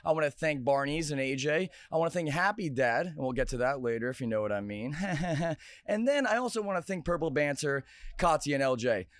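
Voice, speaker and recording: A male podcast host telling stories in a casual, energetic, joking way at a restaurant bar. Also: fairly high pitch, brisk, no room sound. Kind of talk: casual storytelling chat.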